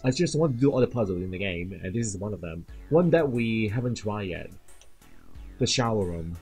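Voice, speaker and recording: A man's voice: on the low side, lively intonation, brisk, a little mellow, soft background music. Man reading a game story aloud. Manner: dramatic reading, then casual chatty asides. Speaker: let's play streamer. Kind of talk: narrating a visual novel aloud with asides.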